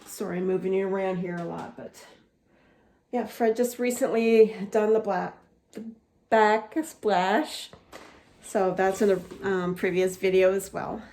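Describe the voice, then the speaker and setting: A vlogger in her fifties with a mid-range, somewhat dark voice gives a tour inside her house. She chats casually and ramblingly, with lots of fillers and restarts.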